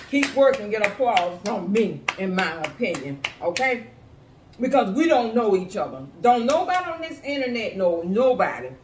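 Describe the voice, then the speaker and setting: A woman's voice: a little high, far from the mic. A woman giving blunt, sassy, profane commentary in a casual reaction video. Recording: echoey room with faint hiss.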